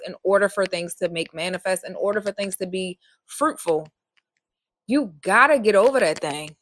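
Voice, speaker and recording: A woman's voice: mid-range voice, no echo, studio quality. A woman hosting her own podcast, talking in a raw, emphatic solo monologue, swearing often and hammering repeated phrases. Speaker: podcast host.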